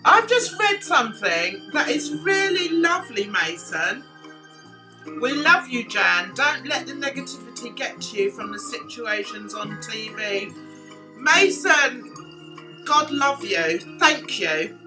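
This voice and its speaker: A woman's voice: on the high side, very animated, slow, music in the background. A woman chatting casually on her livestream, playful and laughing at her own jokes. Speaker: livestream host.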